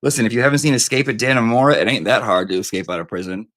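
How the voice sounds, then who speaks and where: A man's voice: mid-range voice, steady tone, racing, fairly bright tone. Campy, profane man hosting a live stream. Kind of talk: casual live-stream chat.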